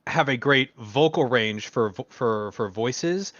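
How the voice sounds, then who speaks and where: A man of middle pitch explains things plainly and matter-of-factly. His voice comes through dull and lo-fi, dry and close. It is casual video call audio. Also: expressive, slow pace, fairly bright tone, no echo. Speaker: co-host.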